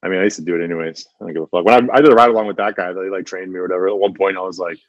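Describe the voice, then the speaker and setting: A man's voice: low-pitched, fairly even intonation, racing, no room sound, dull audio. A young man, a former delivery driver, telling crude stories in a laid-back, casual way with lots of swearing. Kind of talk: casual chat.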